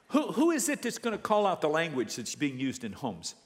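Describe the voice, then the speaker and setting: Male preacher, higher voice, lively swooping delivery, storytelling sermon with congregation call-outs. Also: fairly quick, few pauses. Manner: animated storytelling, calls out to congregation. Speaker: pastor. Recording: long reverb of a large hall.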